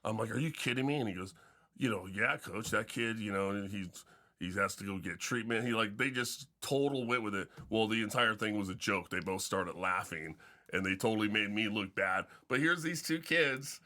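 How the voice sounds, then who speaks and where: A man's voice: lowish voice, steady tone, moderate pace, bright, forceful tone. A middle-aged man hosting a casual sports podcast, telling stories with frequent restarts and fillers. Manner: storytelling, many restarts and fillers. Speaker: podcast host and football coach.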